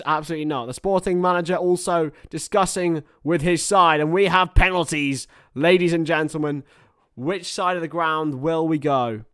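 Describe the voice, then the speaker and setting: A young man hosts a live football watchalong from home, excitable, joking and swearing. His voice sits fairly high for a man, and he reads out viewer chat between bursts of commentary, a little worn after hours live. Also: clean tone. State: tired after a long stream. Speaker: livestream host commentating a football match.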